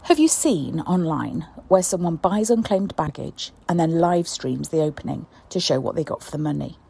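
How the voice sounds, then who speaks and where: A woman's voice: deep voice, lively intonation, moderate pace, gravelly, dark tone, breathy edge. A woman from the East Midlands of England reading her short story aloud in a dry, wry manner. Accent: English, East Midlands. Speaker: story contributor.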